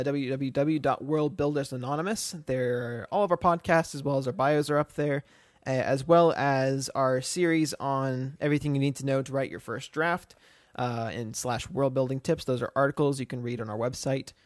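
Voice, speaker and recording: A man's voice: mid-range voice, normal speed, no echo, studio quality. A man co-hosting a podcast, talking casually in a rambling way with lots of fillers and restarts. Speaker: podcast co-host.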